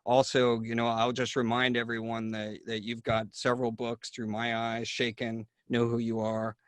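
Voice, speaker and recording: A man's voice: medium pitch, completely flat delivery, normal speed, no room sound. Rambling storytelling man, dry sound. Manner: rambling anecdotal storytelling with many fillers. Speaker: neurologist host. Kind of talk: casual video-call conversation.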